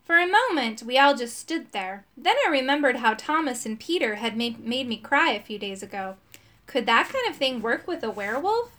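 Expressive woman reading a children's book. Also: fairly high pitch, moderate pace. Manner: expressive, voicing characters. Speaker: audiobook narrator.

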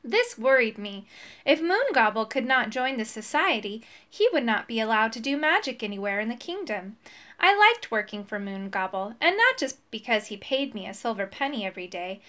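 A woman narrating a children's storybook in an expressive, storytelling manner. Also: a little high, normal speed. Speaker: audiobook narrator.

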